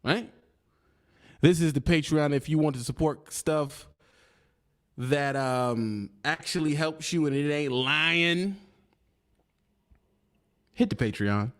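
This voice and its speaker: A man's voice: on the high side, slow, long pauses, fairly bright tone. A man hosting a trucking channel, giving casual straight-talk advice full of slang. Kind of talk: casual podcast chat.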